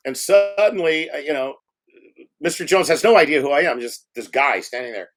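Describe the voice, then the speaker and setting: During a casual interview, this man, a film director, acts out other people's voices while telling vivid stories full of swearing. He talks at a moderate pace with a fairly high pitch.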